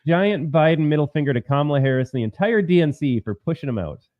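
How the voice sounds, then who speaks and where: A man's voice: a little high, expressive, fast talker, no room sound. A man from Minnesota co-hosting a casual political talk show, making emphatic, argumentative points. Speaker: co-host. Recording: slightly dull lo-fi audio.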